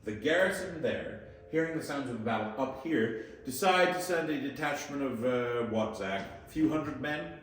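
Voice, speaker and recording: A man leading a guided tour at a historic fort, lively and joking, often quizzing his group. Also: mid-range voice, normal speed, hardly any pauses. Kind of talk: guided tour talk to visitors. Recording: echoey space, voice from a distance, faint noise.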